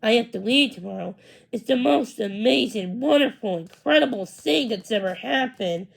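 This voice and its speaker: A woman's voice: on the high side, slow, vocal fry, low-quality recording. A woman reading aloud and voicing a gushing, dramatic young woman in a children's storybook, emphatic and full of superlatives. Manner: breathless and emphatic, stacking superlatives.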